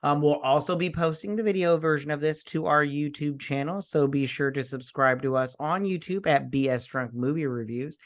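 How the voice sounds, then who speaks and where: A man co-hosting a casual movie podcast, laid-back and gushing, quick to laugh. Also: fairly high pitch, steady tone. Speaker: podcast co-host.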